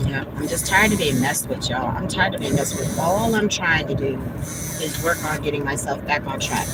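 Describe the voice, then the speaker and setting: A woman's voice: sits low, moderate pace, heavy background noise. A woman, blunt and talking about herself by name in a casual livestream monologue. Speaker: vlogger.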